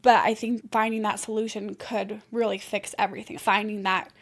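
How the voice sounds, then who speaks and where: A woman's voice: medium pitch, flat delivery, normal speed. A woman co-hosting a podcast, asking earnest, probing questions. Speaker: podcast co-host. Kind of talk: podcast conversation.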